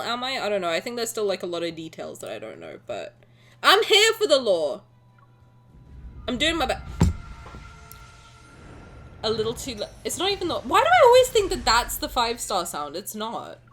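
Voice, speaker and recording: A young woman streaming a game, chatting playfully to her viewers, joking and breaking into excited shouts. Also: medium pitch. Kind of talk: casual game stream commentary.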